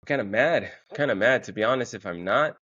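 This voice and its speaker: A man, hosting a casual solo podcast and telling a story with lots of swearing, jumping into a higher, excited voice when he quotes himself. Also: quick pace, no room sound, highs cut off. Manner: profane storytelling, quoting himself in a raised, excited voice. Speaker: podcast host.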